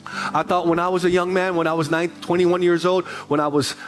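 A man in his forties preaching a sermon as pastor, telling a personal story with quick asides and repeated phrases. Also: sits high, level tone, faint music behind.

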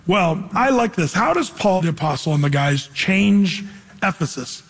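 Man, high pitched, husky voice, bible teaching, reads verses then explains casually, long hall reverb. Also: lively intonation, moderate pace.

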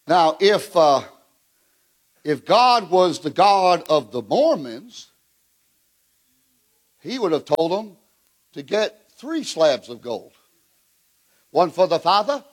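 A man preaching a fiery revival sermon at a conference, calling out to the crowd and shouting at his peaks. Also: high-pitched. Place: conference hall.

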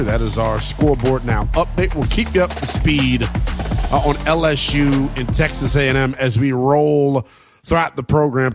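A man's voice: a little high, vocal fry. A man hosting a late-night college football radio show, brash and joking as he runs through scores and takes. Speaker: radio sports host. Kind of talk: sports talk radio. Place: radio studio.

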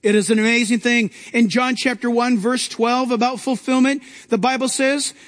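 High-pitched preaching man in a hall. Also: steady tone, normal speed. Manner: emphatic preaching with rising outbursts. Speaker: pastor. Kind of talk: sermon.

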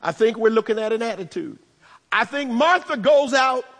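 A man preaching a sermon, animated, with humorous asides and bursts of shouting. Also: very high voice, normal speed, in a large hall. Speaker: pastor.

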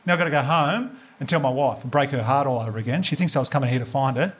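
A man with an Australian accent doing a stand-up comedy set live, telling animated stories and acting out the characters, with plenty of swearing. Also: medium pitch, rapid-fire.

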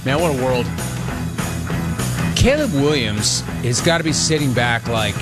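A man's voice: mid-range voice, animated, a little slow, pauses often, loud music behind the voice. A middle-aged man hosting a sports talk radio show, delivering an emphatic, punchy monologue full of repetition.

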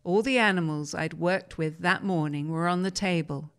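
A woman presenting and reading newspaper articles aloud in a measured, plain way. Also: fairly low pitch, a bit bright, clean tone.

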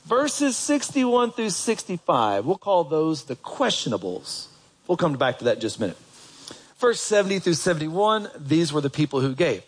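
A man's voice: on the high side, very animated, normal speed, slightly rough. A man preaching a sermon in a church, talking in a conversational way and putting questions to the congregation. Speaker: pastor.

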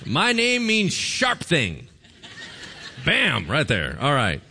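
Animated, jokey male preacher. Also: a little high, takes it slowly, a little hiss or hum. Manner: lively, jokey and conversational. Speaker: pastor. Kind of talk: sermon.

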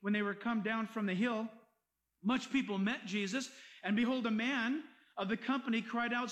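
A man's voice: extremely high pitch, normal speed, fairly bright tone, poor audio. A man preaching a sermon as pastor, reading scripture and driving points home with rhetorical questions.

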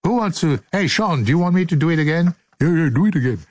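Playful, animated older male radio host. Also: a little high, fast talker, no echo. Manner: playful, clowning, breaks into silly singing and laughs. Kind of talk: joking studio outtakes and chat.

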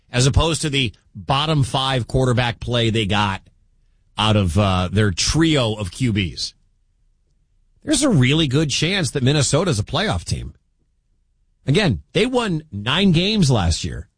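A man's voice: medium pitch, dry recording. A man hosting a sports talk radio show, giving opinionated commentary and talking straight to his listeners in an argumentative way.

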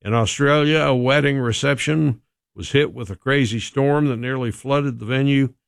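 Male radio host, relaxed and talky, mid-range voice, dead-dry booth sound. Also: mid-range voice, normal speed, vocal fry, no room sound. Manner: casual, chatty, with frequent "uh" fillers. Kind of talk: radio morning segment.

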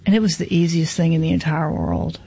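A woman's voice: sits low, fairly even intonation, brisk, creaky, mellow, husky. A woman, a book festival organizer chatting casually and telling stories, acting out what people said. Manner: chatty storyteller, acts out quoted voices. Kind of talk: casual chat.

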